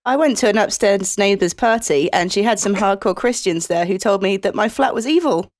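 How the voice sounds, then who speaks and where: A woman's voice: medium pitch, fairly quick. A woman co-hosting a podcast, telling a story in a dry, anecdotal way. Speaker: podcast co-host. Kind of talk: casual podcast chat.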